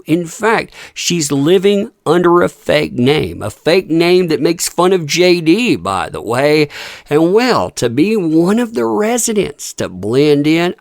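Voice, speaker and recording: A man's voice: vocal fry, no echo, studio quality. A man hosting a mocking news commentary show, sarcastic and laughing often as he talks. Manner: sarcastic, laughing often, big swings in pitch. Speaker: commentary channel host.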